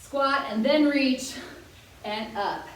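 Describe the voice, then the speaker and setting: A woman's voice: high voice, slow pace, a little hiss or hum. A young woman leading a senior workout class as a fitness instructor, chatty, joking and encouraging while she exercises along. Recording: very echoey room, voice from far off.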